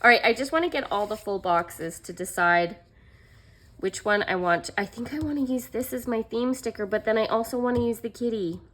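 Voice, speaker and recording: A young adult woman vlogs while decorating a planner, telling a story in a chatty, self-mocking way, laughing often and filling with "like" and "um". Her voice is on the high side, brisk, and fairly bright.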